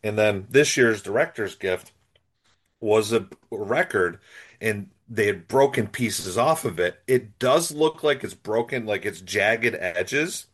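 Lower-voiced man in casual podcast chat. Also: expressive, takes it slowly, fairly bright tone, slightly rough. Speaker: podcast co-host.

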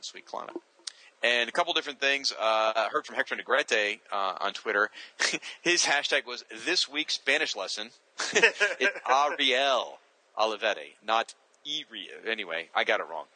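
Guy hosting a podcast, bright forward voice, dry close mic, reading names and tripping on some. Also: medium pitch, no room sound, low-quality recording. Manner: casual, self-correcting, stumbles over names. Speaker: podcast host. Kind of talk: reading listener shout-outs.

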